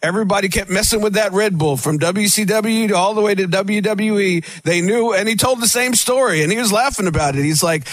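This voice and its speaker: A man's voice: high-pitched, fast talker, hardly any pauses, no room sound. A man telling wrestling stories in a casual interview, rambling with many restarts.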